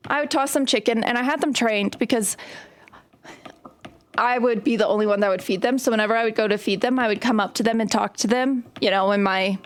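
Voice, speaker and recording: A young woman chatting casually and telling stories while she plays a game on stream. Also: fairly high pitch. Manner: chatty, storytelling while playing. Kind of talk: casual gaming stream chat.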